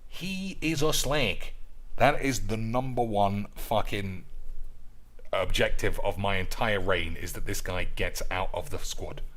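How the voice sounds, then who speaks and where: A man's voice: low-pitched, fairly even intonation, measured pace, fairly bright tone. A man giving casual, crude and sarcastic gameplay commentary, swearing freely. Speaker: gaming video host.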